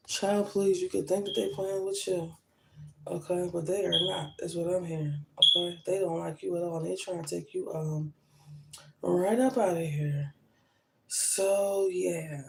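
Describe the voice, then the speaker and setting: A woman's voice: lowish voice, gravelly, darkish tone, a little hiss or hum, low-quality recording. A woman tarot reader talking straight to her viewers, blunt and emphatic, often checking in with "okay?" and "like I said". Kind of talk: tarot reading to camera.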